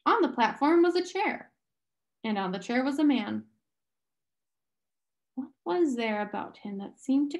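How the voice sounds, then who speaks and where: A woman reading a novel aloud slowly and carefully. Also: a little high. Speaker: audiobook reader.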